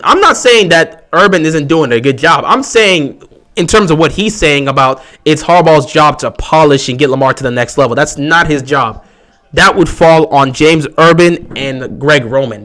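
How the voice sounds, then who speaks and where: A man's voice: fairly high pitch, lively intonation, normal speed, a bit bright. A man hosting a casual sports fan livestream, talking in an opinionated, emphatic way, repeating his points and answering viewers' questions. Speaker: livestream host.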